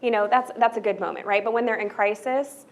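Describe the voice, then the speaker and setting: A woman's voice: on the high side, fairly even intonation, brisk. A woman presenting a training workshop to college staff, speaking in a loose, conversational way and often checking in with "right?". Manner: loose, filler-heavy delivery with restarts.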